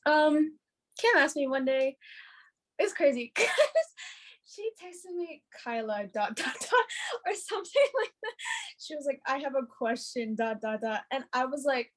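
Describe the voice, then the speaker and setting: A young woman telling a story in casual podcast chat, bubbly and giggly, with lots of fillers. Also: sits high. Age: young adult. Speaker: hair and makeup artist.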